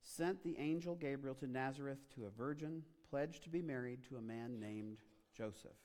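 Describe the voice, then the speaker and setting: A male pastor delivers a sermon with a mid-range voice, building to loud, emphatic stretches. The sound carries the long reverb of a large church auditorium, and he talks straight to his congregation. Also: medium pitch, moderate pace. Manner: dramatic, rising to loud emphatic passages.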